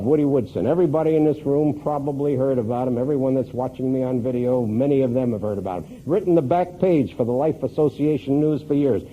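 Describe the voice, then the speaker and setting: A man giving an emphatic seminar talk to a live audience, telling stories and swinging from loud to soft for effect. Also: medium pitch. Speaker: motivational speaker. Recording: tinny phone-like lo-fi recording with faint hiss.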